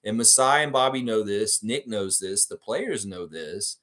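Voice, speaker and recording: A man's voice: fairly low pitch, animated, measured pace, a bit bright. A man hosting a live basketball preview stream, chatting casually, reading viewer comments aloud and rambling animatedly. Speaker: sports channel host.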